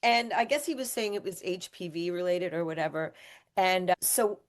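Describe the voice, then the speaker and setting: A woman's voice: on the low side, normal speed. A woman being interviewed, telling a personal story candidly and animatedly. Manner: animated, acts out quoted speech. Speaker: guest, author.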